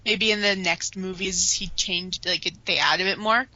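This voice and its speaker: A woman co-hosting a casual podcast, easygoing and animated when she tells a story. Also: mid-range voice, normal speed, highs cut off, a little hiss or hum. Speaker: podcast co-host. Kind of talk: casual fan podcast chat.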